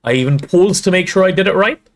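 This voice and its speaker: A fast-talking man with a high-pitched voice reads a novel aloud during a livestream. His delivery is expressive and story-driven, sprinkled with relaxed remarks to his audience.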